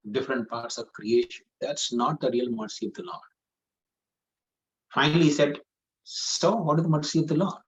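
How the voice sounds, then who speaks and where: A man's voice: mid-range voice, highs cut off. A man giving a scripture class, telling a story earnestly and repeating phrases for emphasis. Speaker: preacher.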